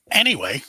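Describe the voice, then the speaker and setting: A man's voice: pushed and bright, no echo, poor audio. An older man, hosting a casual live stream, chatting and greeting viewers by name.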